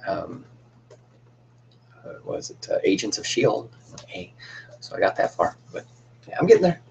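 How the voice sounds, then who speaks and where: Low gravelly-voiced man rambling on a stream. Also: dull audio, a little hiss or hum. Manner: rambling, friendly, many fillers and restarts. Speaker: cosplay livestream host. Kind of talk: casual livestream chat.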